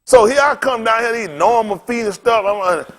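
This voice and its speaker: A man preaching from the pulpit in a high voice that leaps all over the place. He mixes his sermon with funny stories and talks in a loose, everyday way. He often breaks into laughter as he speaks. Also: moderate pace, vocal fry. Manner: animated, colloquial, often laughing while telling stories. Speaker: pastor. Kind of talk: sermon with humorous storytelling.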